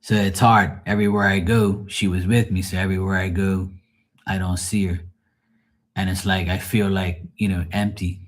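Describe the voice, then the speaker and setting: Deep-voiced grieving man chatting live. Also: level tone, moderate pace. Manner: rambling, frank, swears freely. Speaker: livestream host. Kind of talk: casual chat with live viewers.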